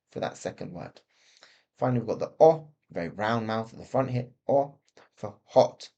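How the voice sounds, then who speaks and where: Slow, careful British English teacher, man. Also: medium pitch, a little mellow. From Britain. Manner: slow, deliberate, exaggerated mouth shapes when modelling sounds. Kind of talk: pronunciation lesson.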